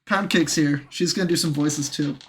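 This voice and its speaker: A woman's voice: sits low, normal speed. A woman streaming from her room at home, chatting casually and talking in doting, playful baby talk to her pet. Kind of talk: casual live-stream chat.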